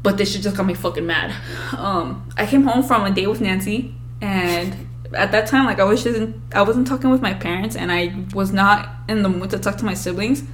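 A young woman co-hosting a podcast, telling childhood stories in a casual, profane, animated way. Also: medium pitch, a little fast, slight background noise. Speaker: podcast co-host. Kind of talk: casual storytelling chat.

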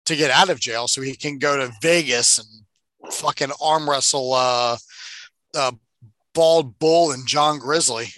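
A man's voice: medium pitch, measured pace, bright, forceful tone, dry recording. A man co-hosting a casual movie-review podcast, swearing freely and mocking the film with sarcasm. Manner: profane, sarcastic, acts out movie lines. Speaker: podcast co-host.

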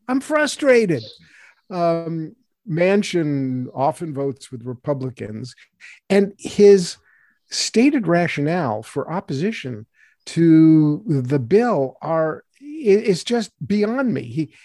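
A man's voice: sits high, a little mellow, dry recording, studio quality. A man on a political panel, sounding exasperated and repeating himself, with frequent restarts. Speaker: political commentator.

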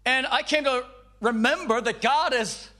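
An older man preacher giving a personal testimony sermon, emphatic, at times dropping into soft low tones. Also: measured pace.

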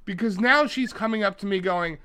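A man with a smooth, brisk, high-sitting voice co-hosts a podcast, spinning stories in a laid-back comedic chat full of swearing. Animated throughout, he imitates people at high volume.

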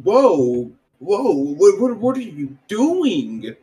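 Lively man reacting, slow and high. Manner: reacting with short exclamations. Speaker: podcast co-host. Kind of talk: casual podcast chat.

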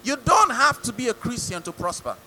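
A man's voice: very high-pitched, big pitch swings, fairly quick, sharp tone, slight background noise, rough recording. A male pastor with a Nigerian English accent preaching a sermon, mimicking people and asking the congregation rhetorical questions.

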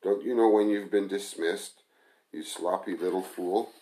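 Brief: deep-voiced man playing a contemptuous, bossy kitchen boss, slightly raised and louder, echoey room. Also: measured pace. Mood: scornful. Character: scornful, brash male restaurant manager and chef.

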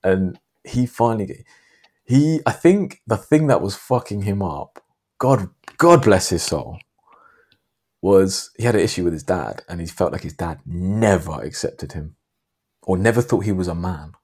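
Very low-voiced man rambling through a story. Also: animated, a little slow, a little mellow, breathy edge. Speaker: podcast host. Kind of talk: casual podcast chat.

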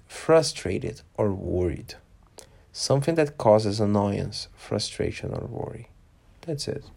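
A man's voice: mid-range voice, gravelly, mellow, breathy edge. A man reading a children's book aloud to young listeners, stopping patiently to explain words and scenes.

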